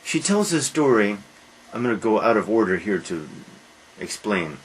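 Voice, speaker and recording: A man giving a classroom literature lecture, halting with "uh" fillers and posing rhetorical questions he answers himself in a dry way. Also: fairly low pitch, very animated, breathy edge, low-quality recording. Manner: halting, with frequent "uh" fillers and restarts.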